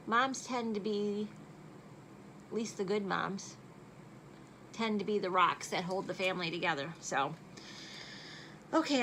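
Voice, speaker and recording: A woman's voice: mid-range voice, bright, forceful tone, slight background noise, low-quality recording. A middle-aged woman chatting casually through a makeup tutorial at home at night, joking at her own expense. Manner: chatty and self-deprecating. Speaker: makeup vlogger.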